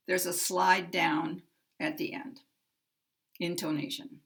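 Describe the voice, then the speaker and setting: A woman teaching American English pronunciation, speaking slowly and carefully and modeling example sentences. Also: mid-range voice, gravelly, a bit bright. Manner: very slow and careful, drawing out key words. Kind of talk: slow, deliberate teaching with spoken examples.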